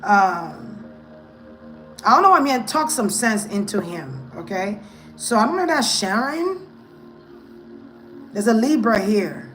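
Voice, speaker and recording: A woman's voice: medium pitch, very animated, takes it slowly, long pauses, a bit bright, low-quality recording. Musing woman tarot reader over music. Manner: hesitant, musing, thinks aloud. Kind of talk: casual tarot reading monologue.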